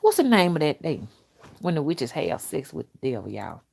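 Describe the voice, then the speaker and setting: An older woman hosting a casual live stream, talking bluntly and loudly to her viewers and laughing often as she reads their comments. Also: low-pitched, huge pitch swings, moderate pace, gravelly, breathy edge. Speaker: spiritual reader and live-stream host.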